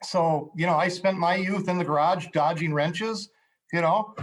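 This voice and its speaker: Minnesota-accented man, easygoing storyteller, slightly higher register, casual interview guest. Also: normal speed. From Minnesota, USA. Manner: relaxed storyteller, folksy, joking asides. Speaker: guest, robotics company president.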